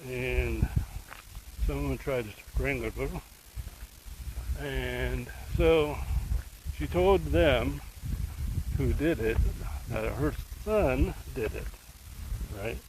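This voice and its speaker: A man's voice: medium pitch, extremely slow, long pauses, a little mellow, a little hiss or hum, rough recording. A man casually retelling a true crime case, rambling and emotionally invested, with asides to the viewer. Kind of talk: casual storytelling.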